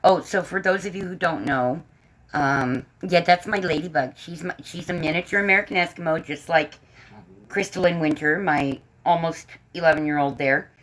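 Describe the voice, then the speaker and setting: A woman's voice: deep voice, moderate pace, fairly bright tone, slight background noise, rough recording. A woman hosting a casual livestream from home, chatting to her viewers and her dogs. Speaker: livestream host. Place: home room. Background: dogs barking.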